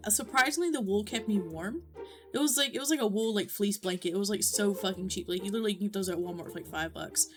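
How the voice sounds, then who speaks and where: A young woman chatting casually and swearing as she reacts, filling her talk with "like". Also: mid-range voice. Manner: chatty, swears a lot, heavy use of "like". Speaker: VTuber reaction streamer.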